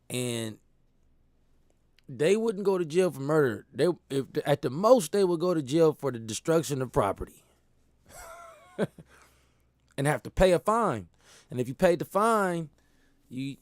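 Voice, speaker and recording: A man telling stories in a casual monologue, animated and laughing, using slang. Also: a little high, dry recording, studio quality. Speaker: host.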